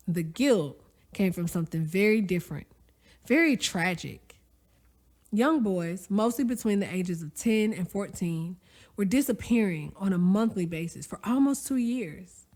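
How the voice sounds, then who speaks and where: A woman narrating a story aloud, expressive and conversational, with folksy asides to the listener. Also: mid-range voice. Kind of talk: audiobook-style story narration.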